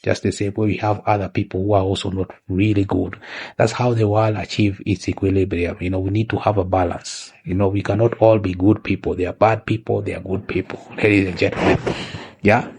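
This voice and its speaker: A man with a very deep, gravelly and husky voice, commenting on comedy clips. He keeps calling his viewers ladies and gentlemen. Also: flat delivery, fairly quick. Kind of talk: reaction commentary.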